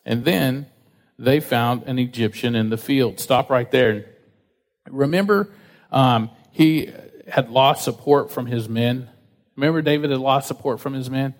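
Conversational male preacher in a hall. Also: mid-range voice. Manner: conversational, acts out quotes in a lively way. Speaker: pastor. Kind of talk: sermon. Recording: reverberant hall.

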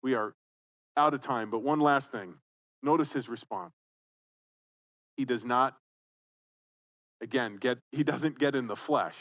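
A man's voice: mid-range voice, a little slow, pauses often, a bit bright. A man preaching a sermon as pastor, conversational and emphatic, repeating phrases for stress.

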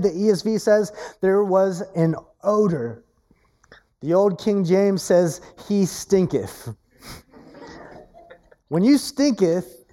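A woman preaching a sermon, emphatic, repeating her key phrases and swinging her pitch between low and high. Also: dark tone.

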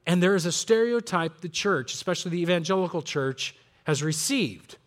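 A man's voice: high voice, animated, normal speed. A man preaching a sermon as pastor, earnest and reflective, with the odd aside to the congregation.

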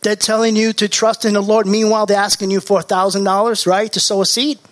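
A male pastor delivers a sermon in a fairly high voice. He drives his points home by repeating key words and phrases, and he now and then mocks other preachers. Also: little pitch movement, fast talker. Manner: mocking impressions of TV preachers.

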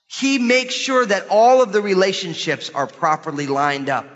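A middle-aged man preaching a sermon in a church, lively and questioning his congregation. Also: high voice, a little slow. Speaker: pastor. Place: church hall. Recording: dull sermon recording in a large hall.

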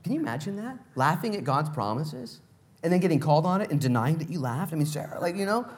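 A man preaching a sermon, animated and playful, telling stories in acted voices and asking the congregation direct questions. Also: fairly high pitch, fast. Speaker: pastor.

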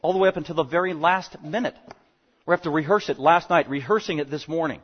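Fast-talking animated preacher man. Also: a little high, husky. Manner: animated, fast-talking, swings between loud emphasis and quiet asides. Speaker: pastor. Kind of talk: expository sermon. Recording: dull lo-fi sound.

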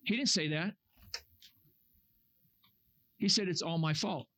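A man preaching a sermon to young campers, earnest and animated, acting out excuses in a raised voice. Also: on the high side, takes it slowly. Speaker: camp speaker. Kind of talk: youth camp sermon. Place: camp meeting room.

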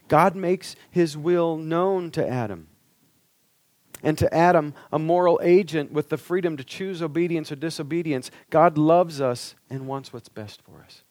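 Earnest preacher with a raised pitch. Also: male voice, unhurried, a little mellow, no room sound. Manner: earnest, asks rhetorical questions. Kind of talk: sermon.

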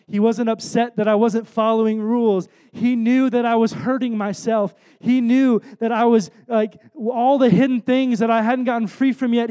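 A man's voice: high voice, dark tone. A young man preaching a sermon in an earnest, conversational way, telling an emotional personal story. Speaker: worship leader preaching.

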